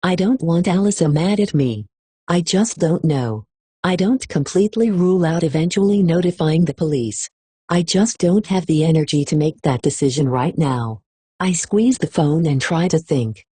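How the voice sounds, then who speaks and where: A woman's voice: sits low, moderate pace, warm tone, husky, dry recording. A woman reading a first-person novel aloud in an emotional storytelling style. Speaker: audiobook reader. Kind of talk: expressive audiobook narration.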